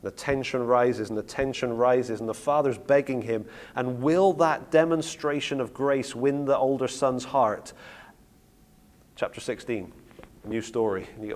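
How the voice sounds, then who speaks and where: A middle-aged man preaching on a Bible story, retelling it with lively acted-out quotes. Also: medium pitch, moderate pace. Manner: animated storytelling, acting out quoted lines. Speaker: preacher teaching on Bible stories. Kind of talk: sermon-style teaching talk.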